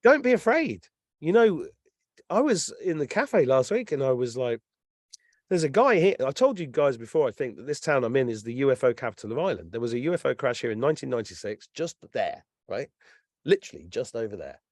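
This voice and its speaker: Animated, swearing English man in his fifties. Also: mid-range voice, fairly quick, dry recording, clean studio sound. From England. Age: 50s. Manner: animated storytelling, swears freely. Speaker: guest. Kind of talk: casual chat. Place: lives in Ireland.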